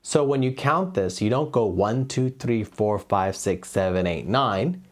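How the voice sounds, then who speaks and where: A man's voice: lowish voice, lively intonation, unhurried. A man teaching a cello lesson, explaining rhythm steadily and counting beats aloud on a lapel mic. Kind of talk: music lesson. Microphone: lavalier.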